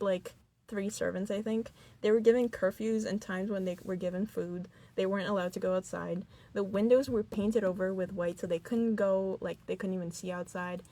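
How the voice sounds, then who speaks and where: A woman's voice: medium pitch, darkish tone. Young woman cohosting a podcast, casual chatty storytelling, says like a lot. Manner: chatty, many "like" fillers, giggly. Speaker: podcast co-host. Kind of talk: casual chat, student radio podcast.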